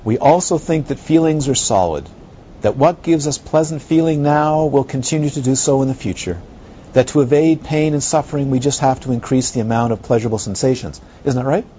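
A male Buddhist teacher gives a lively dharma talk, firing off rhetorical questions. His voice sits at an ordinary middle pitch. The recording is dull and slightly lo-fi, with a faint hiss underneath. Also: brisk. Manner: animated, rhetorical questions, acts out others' reactions.

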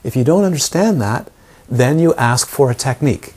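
A man's voice: mid-range voice, lively intonation, moderate pace, a little mellow, husky. A man teaching meditation to a group, asking his listeners repeated rhetorical questions and repeating words for emphasis. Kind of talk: dharma talk to a group.

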